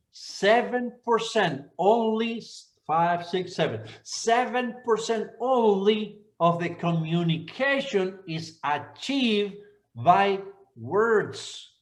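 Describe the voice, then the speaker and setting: A man in his sixties, a pastor from Argentina, teaching a church seminar in an unhurried, repetitive way. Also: sits high. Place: church hall. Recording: echoey church hall.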